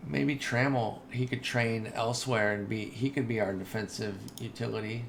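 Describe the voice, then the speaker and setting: A man giving casual, chatty commentary over his own game playthrough, excitable and talking straight to his viewers. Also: medium pitch, moderate pace, creaky, a little hiss or hum. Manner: chatty and excitable, says dude and y'all. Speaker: gaming video host.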